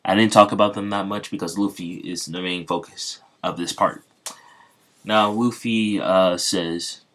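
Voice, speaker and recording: A man's voice: low voice, fairly even intonation, unhurried, a bit bright. A man casually retelling a fan story, rambling with many fillers.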